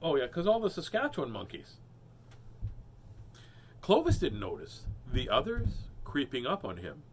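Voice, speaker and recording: A man's voice: medium pitch, moderate pace, long pauses, a little hiss or hum. A man hosting a playful picture-book read-aloud, full of puns and jokey asides. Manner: jokey, punning, animated asides. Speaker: host reading picture books aloud.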